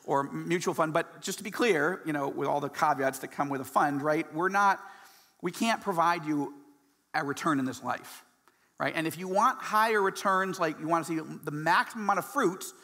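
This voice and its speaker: A man giving a guest talk at a church. He is passionate and animated and often restarts his sentences. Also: a little high, moderate pace, big-room sound. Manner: excitable and animated, many restarts. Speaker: guest speaker.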